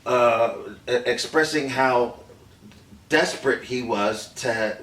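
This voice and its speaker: An actor playing a male film director recalling a secret meeting, talking in a halting, hesitant way with many fillers and restarts. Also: medium pitch, a bit bright, recorded from a distance. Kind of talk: improvised acting take. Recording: roomy, off-mic, faint background hiss.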